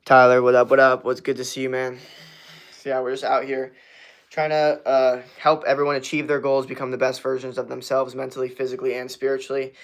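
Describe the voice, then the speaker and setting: A man's voice: mid-range voice, completely flat delivery, fairly quick. A man of twenty-one from Florida, hosting a casual livestream and answering chat questions in a laid-back, slangy way. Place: outdoors at night.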